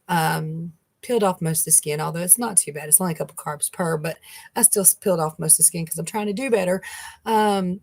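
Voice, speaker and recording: A woman's voice: deep voice, vocal fry, a little mellow. A middle-aged woman, chatting casually to her live-stream viewers and rambling with frequent laughs. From North Carolina, US. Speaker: keto vlogger.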